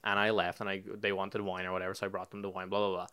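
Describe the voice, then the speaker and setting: A man's voice: low voice, monotone, very fast, pushed and bright, smooth. A young man with an Irish accent, co-hosting a podcast and ranting in casual chat, swearing freely. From Ireland. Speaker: podcast co-host.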